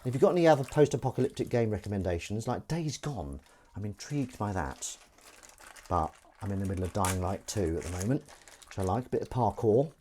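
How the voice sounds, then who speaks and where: A man's voice: fairly low pitch, lively intonation, brisk, warm tone, a little hiss or hum. An English man hosting a live stream, chatting in a jokey, rambling way with viewers while he washes dishes. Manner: jokey, rambling, chats to viewers between tasks. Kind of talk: casual chat while washing dishes.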